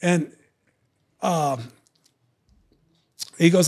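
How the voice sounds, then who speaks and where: A man's voice: on the high side, slow pace, long pauses, darkish tone. A man telling a long story in casual podcast chat, acting out other people's lines in raised voices. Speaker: podcast guest, retired fighter.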